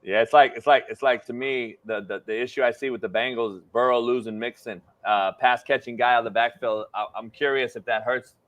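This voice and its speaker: A man hosting a sports talk show, excitable, repeating words and cursing casually. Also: medium pitch, fairly quick, hardly any pauses.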